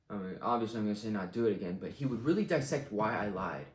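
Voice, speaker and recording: A man's voice: on the low side, animated, fast. A young man giving blunt life advice in a casual rant, confident and full of swearing. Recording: echoey room.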